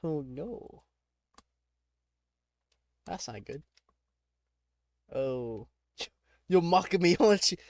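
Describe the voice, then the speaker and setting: A man's voice: fairly high pitch, expressive, drawn-out words, pauses often, a little mellow. A man playing a text adventure, reading the game text aloud and reacting casually, laughing often and breaking off with startled exclamations.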